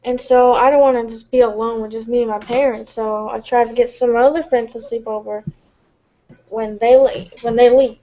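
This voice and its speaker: A woman's voice: a little high, steady tone. Tired woman vlogging in dull lo-fi audio. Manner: soft, halting, emotional, with stumbles and restarts. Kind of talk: late-night confessional live stream. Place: home, at night.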